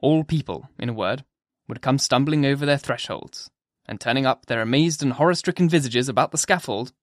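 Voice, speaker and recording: Male audiobook narrator, mid-pitched, measured storytelling, dry close mic. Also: dry recording. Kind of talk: scripted narration.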